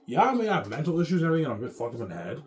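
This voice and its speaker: A man's voice: on the high side, sing-song, very fast, slight background noise. A man in his thirties ranting casually to camera, rambling and profane. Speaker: vlogger.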